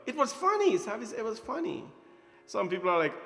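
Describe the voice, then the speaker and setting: A man serving as a temple priest tells a childhood story at a prayer gathering, joking and laughing as he acts out the voices. His voice sits a little high, with faint music behind it. The long echo of a large hall surrounds his words. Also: sing-song, a little fast, creaky, sharp tone.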